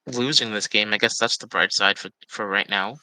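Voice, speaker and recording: A man playing a game on stream, calmly talking through his moves. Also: on the low side, moderate pace, dry recording, low-quality recording. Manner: calm, matter-of-fact, narrating his moves. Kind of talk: casual gaming chat.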